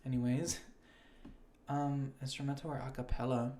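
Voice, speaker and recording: A young man with a mellow, warm voice chatting casually on a podcast. He reads nomination lists at a slow, unhurried pace and drops swear words freely. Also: mid-range voice, steady tone. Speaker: podcast host. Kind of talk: casual chat reading award nominations.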